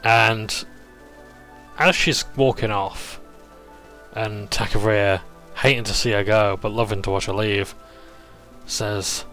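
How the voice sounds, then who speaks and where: A man's voice: on the low side, steady tone, takes it slowly, long pauses, pushed and bright, soft background music. A man casually recapping a tabletop campaign session, rambling and chuckling as he goes. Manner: rambling, chuckling, self-interrupting.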